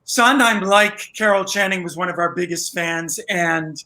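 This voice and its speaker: A man's voice: high-pitched, unhurried, sharp tone, rough recording. A man chatting as a guest performer, fondly telling stories and quoting what others said. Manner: fond storytelling, quoting others. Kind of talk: casual chat.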